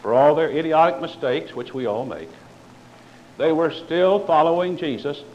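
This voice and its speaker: A man preaching a fervent sermon in a church, swinging from loud declarations to quiet sarcastic asides. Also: on the high side, lively intonation, normal speed, dull audio, a little hiss or hum. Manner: sarcastic toward other preachers.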